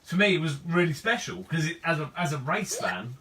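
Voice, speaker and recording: Male host, bright voice, hesitant casual talker, set back from the mic. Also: on the high side, very animated, brisk, distant mic, slight background noise. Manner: hesitant, restarts often. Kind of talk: casual chat. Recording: voice from away from the mic.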